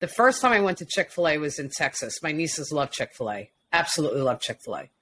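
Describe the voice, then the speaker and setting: A woman from Long Island co-hosting a casual talk show, telling stories in a lively way and acting out what people said. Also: sits low, quick pace, slight background noise. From Long Island, New York. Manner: animated storyteller, acts out quotes. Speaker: podcast co-host. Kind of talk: casual chat.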